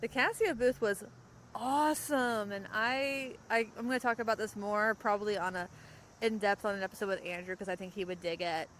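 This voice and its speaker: A woman's voice: medium pitch, fairly bright tone, a little hiss or hum, poor audio. Chatty woman podcast host. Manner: chatty, rambling, quick to laugh. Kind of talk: casual chat. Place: outdoors, in a parked car.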